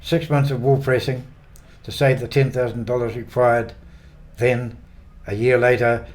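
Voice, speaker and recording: Older man, New Zealand accent, memoir narration, unhurried, wry, middle pitch. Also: level tone, a little mellow. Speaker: author narrating his own memoir. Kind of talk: scripted narration.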